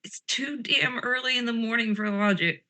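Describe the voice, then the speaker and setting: A woman's voice: on the high side, normal speed, sharp tone. Woman player, in-character banter, gripes and rambles, sarcastic streak. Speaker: tabletop game player. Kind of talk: in-character role-play chat.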